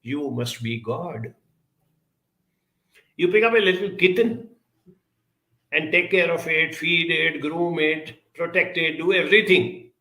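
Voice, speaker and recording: A man giving advice and answering audience questions in an earnest, measured way, pausing often with 'uh' between phrases. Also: fairly high pitch, fairly even intonation, pushed and bright, roomy sound. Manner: measured, earnest, with frequent pauses and 'uh' fillers. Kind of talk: advice talk.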